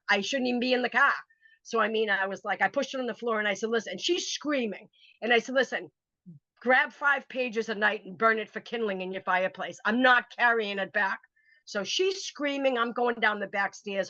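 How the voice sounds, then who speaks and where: Woman, mid-pitched, lively anecdote teller who acts out the dialogue; dry, slightly muffled sound. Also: dry recording. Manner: animated, acts out quoted voices. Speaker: author telling her story. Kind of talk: casual storytelling interview. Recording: dry, slightly dull recording.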